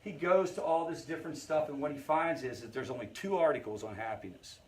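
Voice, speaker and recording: A man's voice: a little high, brisk. Man teaching a support group. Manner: engaging, checks in with the audience often; conversational, storytelling asides. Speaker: family recovery group facilitator.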